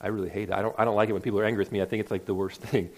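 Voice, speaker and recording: A man's voice: fairly low pitch, flat delivery, very fast. A man preaching a sermon in an earnest, conversational way, often restarting his words. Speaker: pastor.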